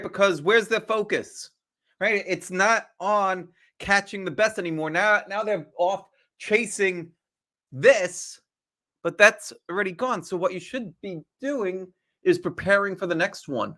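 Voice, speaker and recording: A man's voice: sits high, fairly bright tone. A man hosting a live trading stream, chatty and casual, asking rhetorical questions and greeting viewers as they join.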